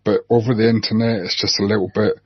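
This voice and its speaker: Low husky man. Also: flat delivery, quick pace, dry recording. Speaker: therapist guest. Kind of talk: casual panel chat. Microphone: video call. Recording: dull online call audio.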